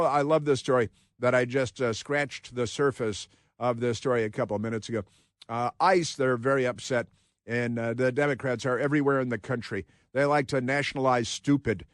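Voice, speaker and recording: On a political talk radio show, a male host delivers a sarcastic, mocking monologue that rambles with many fillers, putting on high mocking voices for quotes. It's a dry, clean recording from a close microphone in a radio studio.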